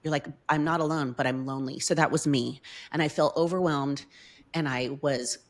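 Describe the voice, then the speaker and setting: A woman's voice: sits low, steady tone, moderate pace. A middle-aged woman as a podcast guest, telling a personal story in casual chat with heartfelt emotion.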